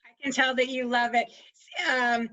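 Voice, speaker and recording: Bright-voiced woman hosting an interview. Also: a little high, little pitch movement, moderate pace, dull audio. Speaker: host.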